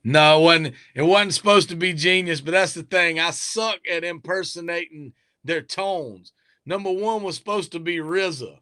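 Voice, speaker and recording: Rapper guest, male, high and bright, eager and rambling in casual chat. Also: normal speed. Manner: eager, talkative, trails off mid-thought. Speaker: rapper being interviewed.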